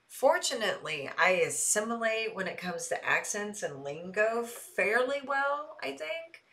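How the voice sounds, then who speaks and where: A woman with a somewhat low voice and a Midwestern accent softened by a light Texas twang, chatting with her stream audience. She talks in a loose, animated way and laughs easily between thoughts. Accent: Midwestern with a light Texas Southern twang. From American Midwest. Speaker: streamer answering chat. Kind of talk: casual live-stream chat.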